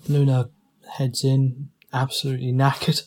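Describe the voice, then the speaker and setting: A man player, speaking sparingly and quietly as he describes his character's reactions in a tabletop game. His voice sits at a middle pitch. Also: monotone, moderate pace. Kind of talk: in-character tabletop role-play.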